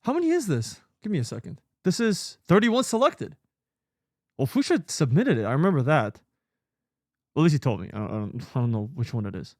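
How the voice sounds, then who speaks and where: Lively, scattered male streamer. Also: fairly high pitch, a little fast, dry recording, studio quality. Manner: scattered, muttering, swears freely. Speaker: streamer host. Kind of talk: casual live-stream chat.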